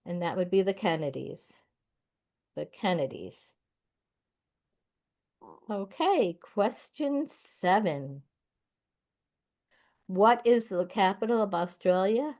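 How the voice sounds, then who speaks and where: A woman hosting a library trivia night, reading out questions and their answers in a deliberate way. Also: medium pitch, big pitch swings, a little mellow. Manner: slow, deliberate, announces each question number. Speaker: trivia quiz host. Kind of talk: reading quiz answers aloud.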